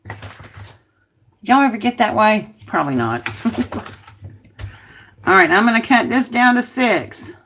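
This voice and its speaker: A woman's voice: medium pitch, sing-song, unhurried, long pauses, fairly bright tone, slight background noise. A woman hosting a casual craft video, chatting to viewers and muttering to herself as she works. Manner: chatty, talks to herself while working, grumbles.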